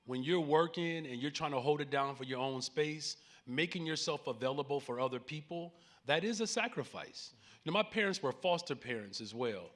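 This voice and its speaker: Speaking in a stage conversation at a conference, this Chicago-accented mayor in his forties addresses a live audience with earnest, preacherly energy and jokes along the way. His fairly high, fairly bright voice sounds animated and moves at a normal speed.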